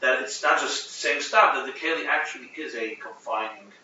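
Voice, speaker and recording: A man teaching a Chassidic text class, explaining with animated restarts and Hebrew terms. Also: medium pitch, normal speed. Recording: muffled, echoey room, from a distance.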